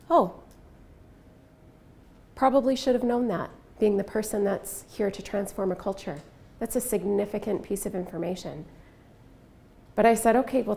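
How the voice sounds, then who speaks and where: A middle-aged woman tells a story from her work in a presentation. Her voice has a gravelly edge at a mid pitch. She speaks candidly and reflectively and acts out the quoted lines. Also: darkish tone. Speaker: speaker giving a workplace culture presentation.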